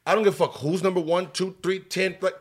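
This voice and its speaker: A man co-hosting a podcast, a former basketball player chatting casually, blunt and profane as he tells animated stories. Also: high voice, fast, husky. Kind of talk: casual chat.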